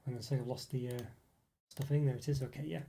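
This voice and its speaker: A man's voice: medium pitch, fairly even intonation, quick pace, gravelly, warm tone. A man hosting a live stream, reading viewer comments aloud and musing on them in a casual chat full of fillers. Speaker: livestream host reading chat.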